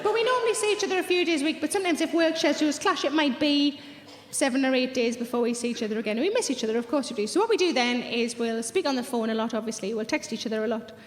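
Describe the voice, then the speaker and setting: Bawdy woman comedian, high voice. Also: fast. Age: 30s. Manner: chatty, bawdy storytelling. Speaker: stand-up comedian. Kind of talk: stand-up comedy. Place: large theatre with audience. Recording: echoey theatre, audience noise.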